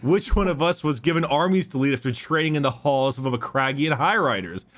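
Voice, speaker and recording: A man's voice: medium pitch, lively intonation, brisk, a bit bright, close to an everyday voice. A man reading as a bitter, scornful warlord. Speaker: reading a dramatic quote.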